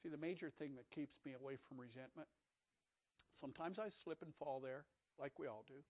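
A man preaching a sermon, emphatic, swinging between raised passages and hushed, quiet ones. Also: mid-range voice, fairly quick. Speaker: pastor. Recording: tinny phone-like audio recording.

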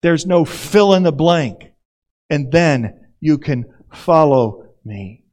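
A male pastor gives a conversational sermon with a fairly high voice. He acts out the scenes he tells as he goes. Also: lively intonation, takes it slowly, a little mellow.

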